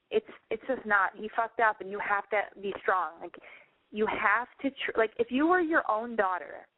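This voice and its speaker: A woman's voice: on the high side, no room sound, narrow, tinny audio. A woman hosting a call-in advice radio show, blunt and profane, ranting at callers and mimicking them in squeals.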